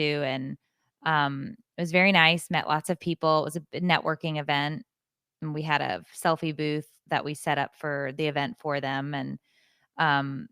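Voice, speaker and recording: Middle-aged woman, podcast co-host, smooth lowish voice, dry close sound, lively storyteller. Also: no room sound. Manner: animated storyteller, acts out quoted voices. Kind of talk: casual chat.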